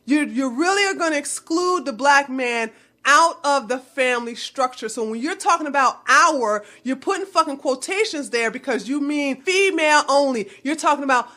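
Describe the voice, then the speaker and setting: A woman's voice: sits high, lively intonation, moderate pace, sharp tone. A woman vlogger delivering a heated, blunt commentary rant full of swearing. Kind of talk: profane ranting commentary.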